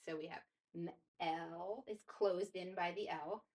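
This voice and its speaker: A woman's voice: on the low side, steady tone, measured pace, a little mellow. Woman teacher explaining phonics patiently.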